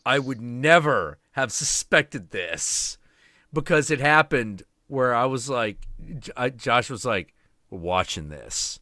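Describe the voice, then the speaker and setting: A man with a bright, forward voice chats casually on a stream, swearing freely and laughing as he tells his story. The sound is close and dry, with no room around it. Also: medium pitch, slow, no echo. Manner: animated, profane, laughing storyteller. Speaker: stream host. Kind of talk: casual chat.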